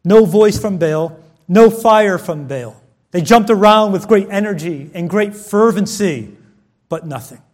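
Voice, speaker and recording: A male preacher with a high-pitched voice delivers a sermon. He reads old-fashioned scripture passages aloud and shifts between loud, emphatic calls and quiet, hushed lines. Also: lively intonation, measured pace. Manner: reads scripture aloud in King James wording.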